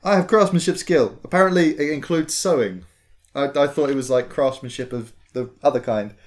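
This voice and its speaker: A man playing a tabletop game with a friend, chatting casually, teasing and quick to laugh. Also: medium pitch. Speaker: player.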